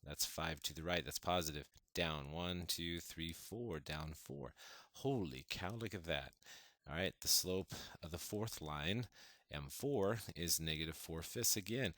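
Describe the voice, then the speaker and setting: A man's voice: sits low, measured pace, bright, forceful tone, no echo. A man teaching a math lesson, counting through steps with playful, enthusiastic exclamations.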